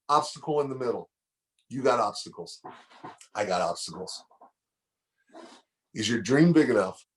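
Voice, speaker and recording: A middle-aged man giving a motivational speech, preaching and telling a story, repeating phrases for emphasis. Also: lowish voice. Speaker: motivational speaker.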